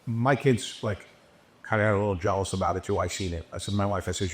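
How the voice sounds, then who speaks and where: Animated, profane male podcast guest. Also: lowish voice, fast talker. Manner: profane, animated, acts out quotes. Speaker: podcast guest, entertainment business owner. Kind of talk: casual interview storytelling. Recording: roomy echo.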